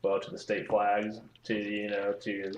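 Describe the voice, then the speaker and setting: Rambling low-voiced man in an echoey room. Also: completely flat delivery, unhurried, a little hiss or hum. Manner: rambling, laughs often, many "you know"s. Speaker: podcast host. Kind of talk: casual podcast chat. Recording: echoey room, slightly dull sound.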